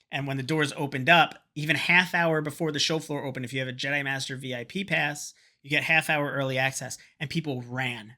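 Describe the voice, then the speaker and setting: A man's voice: medium pitch, bright, forceful tone. A man vlogging, telling a rambling, profane story in a casual chat to camera and slipping into quoted voices.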